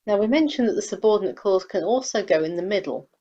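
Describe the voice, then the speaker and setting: A woman's voice: medium pitch, lively intonation, fast talker, warm tone, dull audio. A woman teacher explaining sentence structure in a recorded grammar lesson, patiently reading example sentences aloud. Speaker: English teacher.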